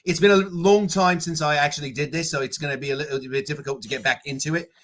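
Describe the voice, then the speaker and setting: A man talks quickly on a casual podcast, his voice a little high and bright. He rambles, circles back and restarts his sentences as he goes. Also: steady tone. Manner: rambling, restarts, laughs easily. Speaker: podcast co-host. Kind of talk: casual chat.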